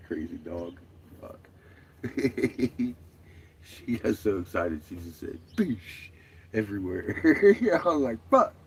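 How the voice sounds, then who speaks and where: A man's voice: fairly low pitch, big pitch swings, takes it slowly, gravelly, a little hiss or hum. A man chatting casually in a vlog, laughing often and swearing freely. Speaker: vlogger. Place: out and about, doing laundry.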